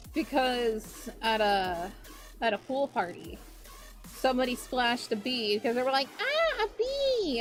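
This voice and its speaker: Chatty young woman, rambling anecdotes. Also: fairly high pitch. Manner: rambling anecdotes with fillers and voiced quotes. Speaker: VTuber streamer. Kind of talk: casual chat while drawing.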